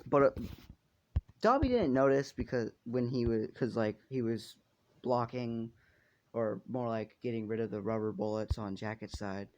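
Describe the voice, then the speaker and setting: A man's voice: mid-range voice, expressive, moderate pace, a little mellow, dull audio. A young man casually making up a story as he goes, rambling, swearing often and laughing at his own jokes.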